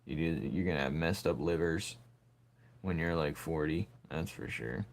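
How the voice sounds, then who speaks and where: Deep-voiced man chatting while he draws. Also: moderate pace, vocal fry, a little hiss or hum. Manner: laid-back, teasing, talks to himself while he works. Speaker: artist drawing on camera. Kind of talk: casual commentary while drawing.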